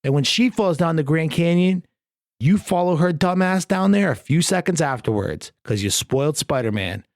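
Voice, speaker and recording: This podcast host, flying solo, swears a lot as he rambles through casual, joking rants. He speaks at a normal speed in an animated voice on the high side, captured with clean studio sound and no room ambience.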